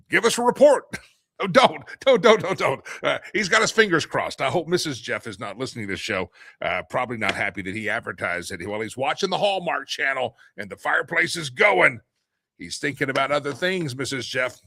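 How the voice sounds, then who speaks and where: A man's voice: mid-range voice, gravelly, pushed and bright, dry recording, studio quality. A middle-aged man hosting a casual live-stream talk show, reading viewer comments aloud, joking and rambling with frequent laughs.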